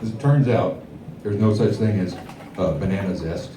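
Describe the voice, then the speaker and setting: A man doing a stand-up set at a comedy club, with a rambling, deadpan delivery full of fillers. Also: on the low side, normal speed, noisy background. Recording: echoey club, heard from far off.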